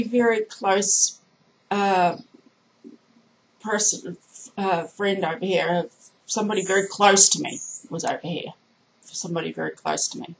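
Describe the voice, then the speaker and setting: A woman's voice: mid-range voice, rough recording. A woman vlogging a heated political rant, indignant and emphatic, hammering her points by repeating them. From Australia.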